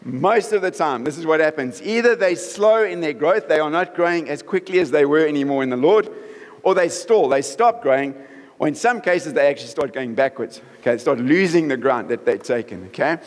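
A man's voice: on the high side, lively intonation, fairly quick. A man preaching a sermon as pastor in a conversational way, often checking in with the congregation. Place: church hall. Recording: reverberant church hall.

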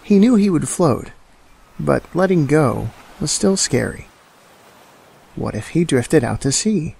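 A man narrating a children's bedtime story in a slow, calm and soothing way. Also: on the high side, creaky, husky. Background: soft music.

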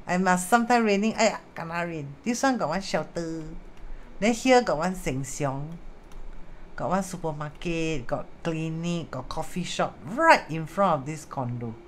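A woman's voice: low-pitched, animated, a little slow, a little hiss or hum. A woman with a Singaporean accent, a feng shui teacher chatting casually on a live stream, dropping in Hokkien and Mandarin words and greeting viewers as she goes. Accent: Singaporean English. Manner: greets viewers mid-explanation.

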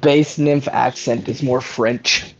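A man in a tabletop game who speaks in a flat, gravelly monotone. He talks bluntly and hesitantly. His voice is dulled by a muffled voice-chat line. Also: mid-range voice, slow, faint music behind. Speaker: player. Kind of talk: casual tabletop role-play.

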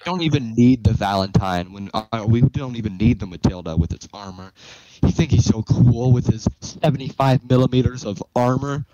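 A man's voice: medium pitch, moderate pace, few pauses, mellow, highs cut off. A young man gaming with a friend, joking around with mock-posh British catchphrases and plenty of swearing. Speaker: gamer. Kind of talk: casual gameplay banter.

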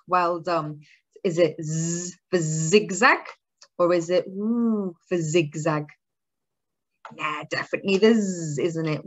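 A woman's voice: lowish voice, fairly bright tone. A woman teaching a phonics lesson to young children, drawing out her words in a sing-song, encouraging way. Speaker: early years teacher.

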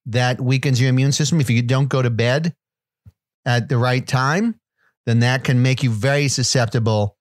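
A man co-hosting a comedy podcast, talking in a deadpan, mock-authoritative way. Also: medium pitch, moderate pace, dry recording. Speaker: podcast co-host. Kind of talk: comedic casual chat.

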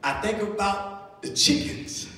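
A man preaching a sermon as a minister, with call-and-response amens, pausing to have the congregation underline words, and building to emphatic stretches. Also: high voice, expressive, sharp tone, recorded from a distance. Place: church sanctuary. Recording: echoey church hall with long reverb.

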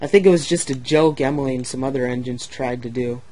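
A man's voice: mid-range voice, quick pace, a little mellow, close to an everyday voice, poor audio. A man voicing a kind older male steam engine who talks in a reassuring, rambling way.

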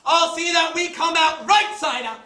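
A woman playing a loud, bickering older American caterer on stage, who shouts often. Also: very high voice, normal speed. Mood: fond. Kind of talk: stage play acting. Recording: echoey stage room.

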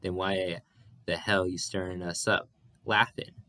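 A man's voice: low voice, level tone, a little slow, pushed and bright. A man playing a proud, stubborn farm father.

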